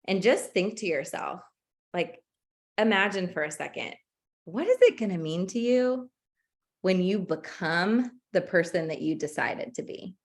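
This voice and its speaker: A woman's voice: on the low side, big pitch swings, measured pace. A young woman hosting a motivational group call, encouraging and casual as she introduces a client. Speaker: coach hosting a community call.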